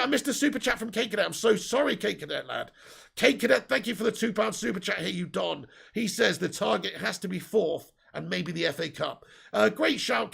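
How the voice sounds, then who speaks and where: Gravelly high-voiced man chatting. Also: a bit bright. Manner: chatty and opinionated, reading out viewer comments. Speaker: football fan channel host. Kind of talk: casual live-stream chat.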